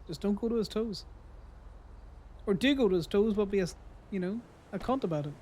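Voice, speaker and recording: Brief: man with a high voice, sarcastic banter from the cab of a tow truck, faint hiss behind. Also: brisk, a little mellow. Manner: joking, sarcastic. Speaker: tow truck driver roleplayer. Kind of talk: casual roleplay chat.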